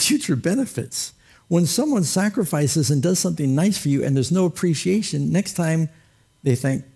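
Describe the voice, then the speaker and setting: A man's voice: a little high, gravelly, dark tone, husky. A man preaching a sermon as pastor, folksy and humorous, with light laughs and quoted asides.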